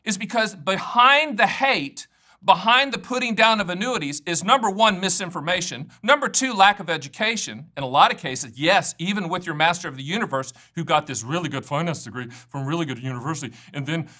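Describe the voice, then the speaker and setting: A bright, high-pitched middle-aged man speaks to camera as host of his own finance show. His delivery is folksy and jokey, with lots of asides, and he reels off long lists of product names one after another. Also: animated, a little fast. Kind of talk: casual direct-to-camera talk.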